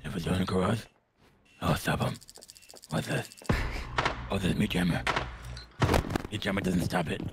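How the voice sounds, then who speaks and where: A man chatting casually while streaming a shooter game, playful and quick to try out silly voices. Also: sits low, vocal fry, over music. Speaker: gaming streamer. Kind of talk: casual gameplay chat. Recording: loud background noise over gameplay.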